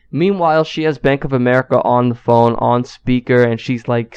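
A man's voice: mid-range voice, brisk, few pauses, a little mellow, clean tone, muffled recording. A man co-hosting a podcast, telling a story in a loose, profane style with lots of fillers. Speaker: podcast co-host. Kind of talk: casual storytelling.

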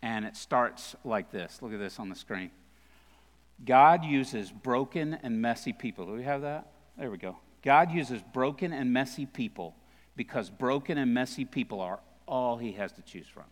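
In a large hall, a man with a mid-range, animated voice preaches as a guest at a live church service. He takes his time, telling amusing stories at his own expense in a conversational style.

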